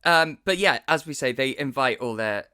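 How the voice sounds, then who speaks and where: An animated man hosts a casual podcast chat, his bright voice leaping up and down in pitch. He laughs often and acts out little quoted lines in exaggerated voices. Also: normal speed, clear, resonant tone. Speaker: podcast host.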